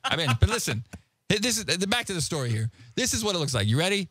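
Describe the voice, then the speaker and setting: A man in his forties hosting a casual talk show, telling a rambling, animated story full of side trails. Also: high-pitched, quick pace, slightly rough, no echo. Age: 40s. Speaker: host. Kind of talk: casual podcast chat.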